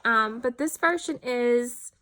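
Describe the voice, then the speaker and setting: A woman's voice: a little high, slow, pushed and bright. Tired woman vlogging, candid and reflective. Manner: candid, reflective, many fillers. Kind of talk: casual personal vlog.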